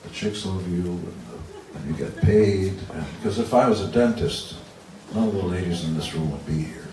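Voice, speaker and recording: A man's voice: sits low, normal speed, a crowd in the background. A man in his sixties telling blunt, joking stories to a live audience between guitar chords. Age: 60s. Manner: joking, blunt, crude asides. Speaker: musician telling stories to fans. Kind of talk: casual live storytelling with guitar. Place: event room with an audience. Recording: roomy, distant mic with guitar.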